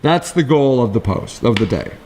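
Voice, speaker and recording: A middle-aged man co-hosting a casual talk show, telling rambling stories in quick, lively bursts. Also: medium pitch, a little hiss or hum. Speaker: co-host. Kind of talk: casual chat.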